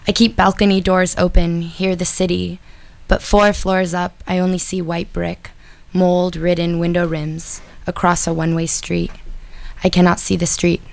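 A woman, a guest poet on a radio show, reading her poem in a measured, deliberate way. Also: fairly low pitch, creaky, dry recording. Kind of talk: poetry reading.

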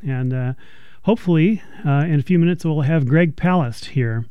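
Guy hosting a radio interview, smooth voice, lots of uhs, dry sound. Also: a little high, dry recording, lo-fi sound. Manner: halting, many fillers. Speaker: radio show host.

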